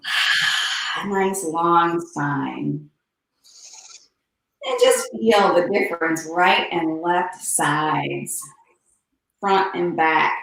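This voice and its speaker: A woman teaching a one-on-one yoga session, cueing poses and breathing with calm, unhurried instruction and soft breathy asides. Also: fairly low pitch, recorded from a distance. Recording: echoey room, voice a bit off-mic.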